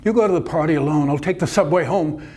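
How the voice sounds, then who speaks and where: A man's voice: on the high side, quick pace, a little mellow, close to an everyday voice. A man playing an indignant woman who speaks firmly and reproachfully to her partner. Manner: firm, reproachful.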